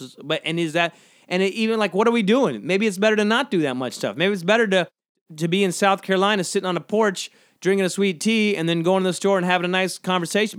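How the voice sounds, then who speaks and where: A man from the American South hosts a casual solo podcast, thinking out loud in loose, rambling sentences full of fillers and second thoughts. His voice sits fairly high for a man. The sound is dry and close, with no room echo. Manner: rambling, self-questioning, lots of fillers. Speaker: podcast host.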